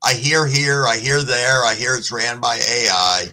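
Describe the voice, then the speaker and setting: A man hosts a casual live stream, slow and unhurried in his delivery. His voice is bright and forceful, and he swears freely and apologizes a lot. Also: mid-range voice, fairly even intonation. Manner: laid-back, profane, apologetic. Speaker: livestream host. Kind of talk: casual livestream chat.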